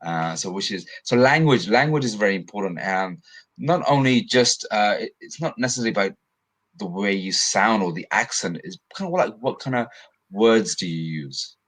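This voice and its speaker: Man, coach, husky voice, lower pitch, earnest explainer, webinar guest. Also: lively intonation, moderate pace, fairly bright tone, low-quality recording. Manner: earnest, restarts phrases, talks in examples. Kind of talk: webinar interview, explaining ideas.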